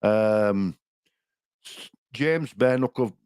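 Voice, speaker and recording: A man's voice: fairly low pitch, very slow, a little mellow, clean tone, dry recording, studio quality. An older man with a Yorkshire accent, co-hosting a live stream in casual, homely chat and chuckling often. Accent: Yorkshire English. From Yorkshire, England. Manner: chatty, chuckling, homely, rambling. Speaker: livestream co-host.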